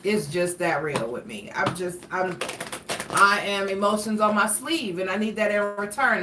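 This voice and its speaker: A woman's voice: on the low side, noisy background. A woman giving a casual tarot and astrology reading, chatty and blunt, drifting into asides and swearing. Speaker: tarot reader. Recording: roomy, somewhat distant mic with faint ambience.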